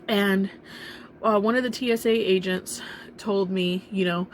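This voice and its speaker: Young woman, personal vlog; emotional, halting delivery with nervous laughs, middle pitch, slight noise behind. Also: fairly even intonation. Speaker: vlogger telling her own story.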